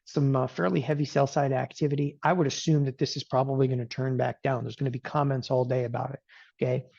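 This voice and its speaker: Gravelly middle-aged man, live market talk, chatty, dry dull sound. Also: medium pitch, little pitch movement, fast talker, darkish tone, no room sound. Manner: casual, chatty, keeps asking "okay?". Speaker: market strategist host.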